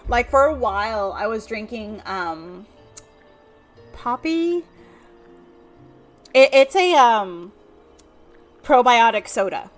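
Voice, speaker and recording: A woman's voice: on the high side, expressive, takes it slowly, pauses often, faint music behind. A woman streamer giving casual, rambling gameplay commentary full of fillers. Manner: chatty, rambling, with many fillers.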